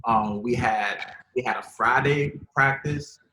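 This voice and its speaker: A man speaks on a video call in a bright, forceful voice, informal and emphatic, repeating himself as he drives each point home. The room gives his voice a roomy echo, and faint noise sits underneath. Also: medium pitch, slow pace. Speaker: former pro football player and college coach speaking to high school athletes. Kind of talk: casual motivational storytelling.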